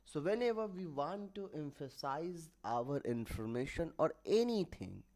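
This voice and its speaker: A man teaching a grammar lesson online, explaining terms step by step and often pausing to correct himself. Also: mid-range voice, a little mellow. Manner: halting, with restarts and self-corrections; writes examples while explaining.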